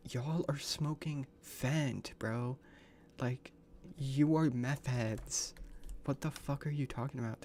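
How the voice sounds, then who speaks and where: Gravelly-voiced man swearing through a game. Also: medium pitch, darkish tone, a little hiss or hum. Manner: crude slang-heavy reactions, swears often; reads game dialogue aloud in a plain voice. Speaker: streamer. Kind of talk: casual gaming livestream commentary.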